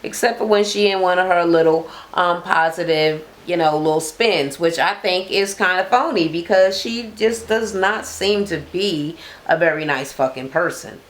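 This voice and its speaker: Speaking at a normal speed with few pauses, a woman with a lowish voice gives a casual rundown of a reality TV episode. She drawls, swears a lot, leans on slang, and imitates the people she quotes in a louder voice.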